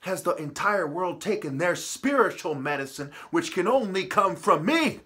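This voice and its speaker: Husky-voiced man ranting preachily. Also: high-pitched, lively intonation, moderate pace. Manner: swings from muttering to shouting, profane and preachy. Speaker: vlogger. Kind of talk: ranting monologue.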